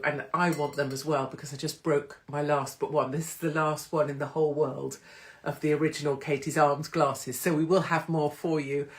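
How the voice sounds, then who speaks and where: A middle-aged woman hosting a casual live-stream chat on her phone, teasing and greeting viewers by name. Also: deep voice. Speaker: host of a live online pub show. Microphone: phone livestream.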